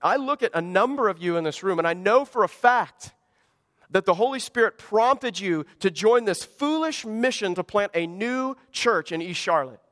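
A man's voice: high voice, animated, moderate pace, fairly bright tone, long reverb tail. A man preaching a sermon to his congregation, earnest and conversational, full of rhetorical questions. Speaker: pastor. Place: church service in a school gymnasium.

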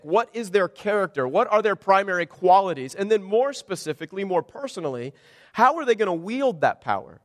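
A man's voice: high-pitched, a bit bright. A man, a pastor, preaching a sermon in a conversational, wry way, piling up rhetorical questions. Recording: long hall reverb.

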